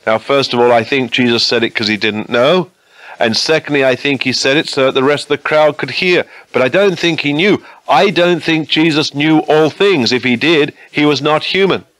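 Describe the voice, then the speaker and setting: A man's voice: medium pitch, moderate pace, a bit bright, dry recording, low-quality recording. A man preaching a sermon in an earnest, conversational way, often asking his listeners questions.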